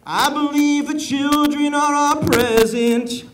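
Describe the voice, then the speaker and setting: A man working as an event emcee, energetically leading a live audience in call-and-response chants and shouting to pump them up. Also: extremely high pitch, steady tone, slow, rough recording. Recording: live event with loud crowd and background noise. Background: crowd noise.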